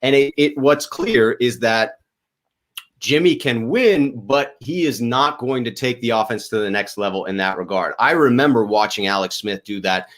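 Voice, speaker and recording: A man's voice: mid-range voice, expressive, normal speed. Man from Boston explaining football. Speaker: co-host. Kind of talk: casual sports talk.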